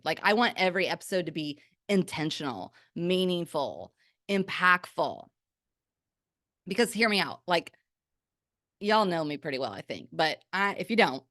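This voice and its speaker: A woman's voice: lowish voice, no echo, studio quality. Chatty woman giving a pep talk. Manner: chatty, energetic, full of "like" fillers. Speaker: podcast host. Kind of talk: faith-based pep talk.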